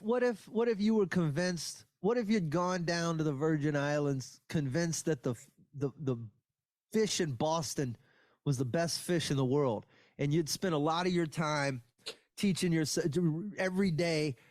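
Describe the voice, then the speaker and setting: High-voiced man arguing his point. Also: moderate pace, a little mellow, no room sound. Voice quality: argumentative, profane, emphatic. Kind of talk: casual podcast chat.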